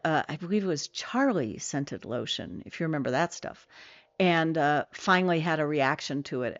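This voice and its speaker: A woman's voice: sits low, no echo, dull audio. A middle-aged woman streaming a game, chatting casually with viewers in a rambling way full of fillers and self-corrections.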